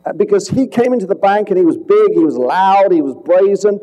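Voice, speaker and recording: A man with a high, mellow voice gives a presentation on fraud. He tells the case like a story, firing rhetorical questions at the room and then dropping to a hush for the key lines. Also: brisk, hardly any pauses, soft background music, rough recording. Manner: dramatic storytelling with rhetorical questions and sudden swings from loud to hushed. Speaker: fraud investigator speaking to police.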